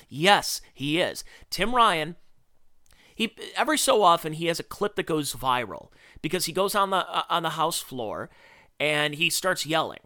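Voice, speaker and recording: Male podcast host, slightly high, lively sarcastic ranter, bright edge. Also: normal speed, no echo, clean studio sound. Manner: animated, ranting, sarcastic. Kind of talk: opinionated political commentary.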